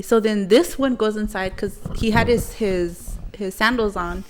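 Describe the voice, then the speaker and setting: A young woman co-hosts a casual podcast, telling a story with plenty of swearing. She throws herself into the quotes, getting louder when she acts out what people said. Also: mid-range voice, fairly even intonation, unhurried. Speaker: podcast co-host.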